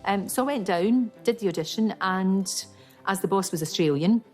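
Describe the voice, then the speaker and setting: A woman's voice: mid-range voice, moderate pace, a little mellow, faint music behind. A middle-aged woman with a working-class Glasgow accent, chatting through memories of her TV career in a documentary interview. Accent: Glasgow Scottish. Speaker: TV presenter.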